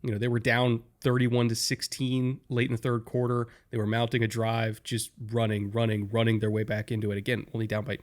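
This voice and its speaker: A man's voice: mid-range voice, monotone, brisk, hardly any pauses. Analytical male podcast co-host. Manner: analytical, explains step by step, many "like"s. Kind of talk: casual sports analysis.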